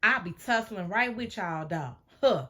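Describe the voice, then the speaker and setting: A woman's voice: mid-range voice, animated, a little slow, sharp tone. A woman hosting a reaction video, commenting on a clip in a sassy, teasing way.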